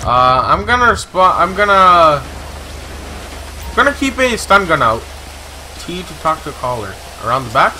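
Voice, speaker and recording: A man's voice: a little high, a little hiss or hum, low-quality recording. A young man hosting a game video who role-plays police radio calls between rambling asides and bursts of startled exclamations. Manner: excitable, exclaims loudly when startled; rambling, many filler pauses. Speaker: gaming channel host. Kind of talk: let's-play commentary with police radio role-play.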